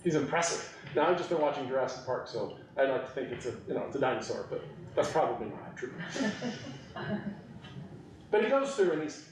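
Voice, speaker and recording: A man hosting a podcast and giving an informal Bible teaching, animated and quick to laugh, with eager side remarks. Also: medium pitch. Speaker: podcast host teaching on scripture. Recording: echoey room, mic at a distance.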